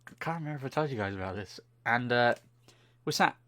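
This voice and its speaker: A man's voice: medium pitch, lively intonation, fast, sharp tone. A young British man, co-host of a podcast, telling a funny anecdote in casual chat and swearing freely.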